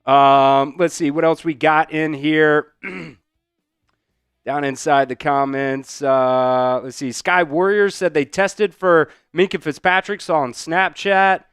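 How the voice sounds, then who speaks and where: A man's voice: a little high, fairly even intonation, slow, a bit bright, clean tone, dry recording, clean studio sound. A man hosting a live sports talk stream, speaking casually with many fillers and answering viewer comments from the chat. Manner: casual, rambling, heavy on fillers. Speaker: sports show host.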